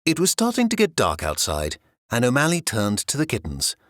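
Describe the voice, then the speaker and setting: A man reads a children's storybook aloud, expressive and gentle, with a very lively, wide-ranging pitch. The sound is close and dry, with no room at all. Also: a little fast, no echo. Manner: expressive bedtime reading. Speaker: storybook reader.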